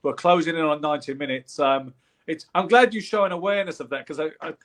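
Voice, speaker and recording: Man, co-host, slightly high voice, relaxed, hesitant fillers. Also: fast talker. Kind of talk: casual wrap-up chat.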